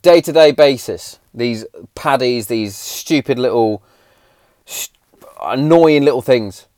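A man in his thirties ranting on a podcast, blunt and full of swearing. His pitch sits in a middling range, and he gets heated as he talks. The sound is dry and close, with no room echo. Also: takes it slowly, a little mellow. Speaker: podcast host. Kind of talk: casual podcast rant.

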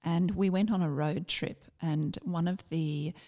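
A middle-aged Australian woman, a former army officer, telling a personal story in a reflective, halting way with many fillers. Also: on the low side, steady tone, mellow.

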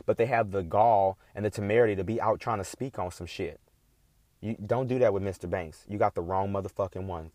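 A man's voice: lowish voice, darkish tone, no echo. A man in a casual, heated monologue, talking in a profane, emphatic and indignant way.

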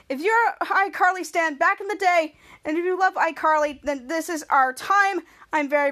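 Gushing woman podcast host, casual recap, high voice. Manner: gushing, repeats "very, very excited".

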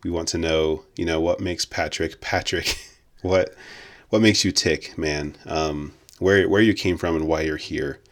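A young man with a very low voice co-hosting a podcast. He chats casually and jokingly, laughing often and scattering fillers through his talk. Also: fairly even intonation, unhurried, a bit bright. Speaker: podcast co-host. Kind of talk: casual chat.

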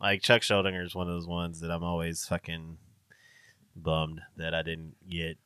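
A man's voice: sits low, monotone, moderate pace, bright, forceful tone, clear, resonant tone, no echo. A young man co-hosting a podcast, chatting loosely, swearing and laughing often. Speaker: podcast co-host, metal musician. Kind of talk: casual chat.

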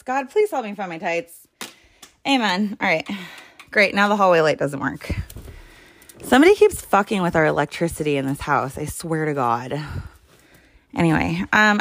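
A young woman telling a frustrating story at home in a casual, profane, exasperated way while she hunts for her clothes. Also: mid-range voice. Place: at home, moving around looking for things.

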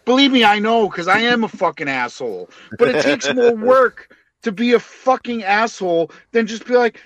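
A man in casual chat, joking and cutting in with quick remarks. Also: very high voice, lively intonation, fairly bright tone, dry recording.

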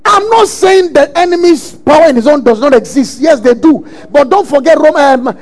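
A man preaching a sermon, emphatic and often shouting lines as he acts out quotes. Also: very high-pitched, lively intonation, normal speed.

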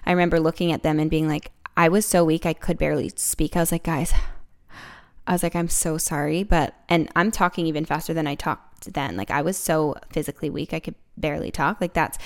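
Chatty young woman host, smooth low voice. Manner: chatty, repeats words, many "like" fillers. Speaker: podcast host. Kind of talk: casual personal storytelling.

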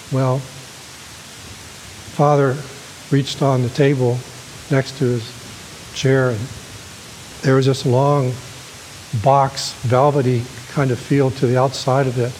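A man preaching a sermon, telling a story in a gentle storytelling manner that rises with emotion. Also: mid-range voice, flat delivery, slow, pauses often, a little hiss or hum, poor audio. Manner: gentle storytelling, rising with emotion at quoted lines. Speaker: pastor.

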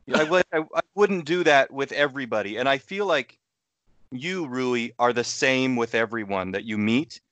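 A man co-hosting a podcast, chatting casually in a hesitant, halting way. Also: medium pitch, lively intonation, a bit bright, no echo. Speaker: podcast co-host. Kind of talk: casual chat.

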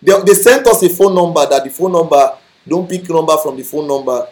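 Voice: mid-range voice, a little fast, a little mellow. A preacher with a Nigerian accent delivering an emphatic sermon, mixing in pidgin and raising the voice for emphasis.

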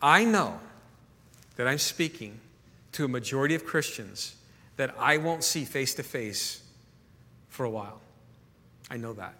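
A man's voice: medium pitch, animated, measured pace, pauses often, sharp tone. A man preaching a sermon as pastor, earnest, often repeating words as he builds a point. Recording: echoey hall reverb.

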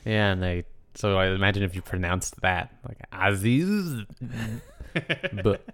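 A man's voice: deep voice, fairly even intonation, a little slow, a bit bright. A man co-hosting a podcast in casual chat, trading wry jokes with his partner. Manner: wry, joking banter. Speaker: podcast co-host.

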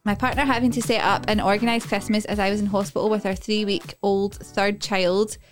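A woman's voice: medium pitch, flat delivery, fairly quick, faint music behind. A woman co-hosting a podcast, chatty and swearing freely. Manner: chatty, swearing, laughing often. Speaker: podcast co-host. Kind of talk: casual chat.

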